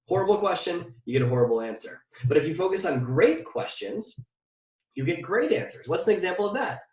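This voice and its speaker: Energetic male coach in an echoey room. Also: mid-range voice, quick pace. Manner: energetic, asks the audience direct questions; drills phrases by repetition. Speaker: mindset coach. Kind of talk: motivational workshop talk. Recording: echoey room, distant mic.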